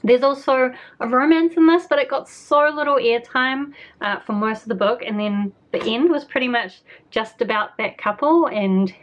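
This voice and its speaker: A young woman with a New Zealand accent chatting casually about her reading week, self-deprecating and full of fillers. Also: fairly high pitch. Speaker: book vlogger. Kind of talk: casual vlog chat. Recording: slightly dull lo-fi sound.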